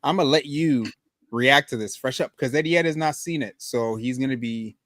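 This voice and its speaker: A man's voice: mid-range voice, normal speed, a bit bright, no echo, clean studio sound. A man co-hosting a casual podcast, talking in a laid-back, rambling way with lots of fillers. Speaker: co-host.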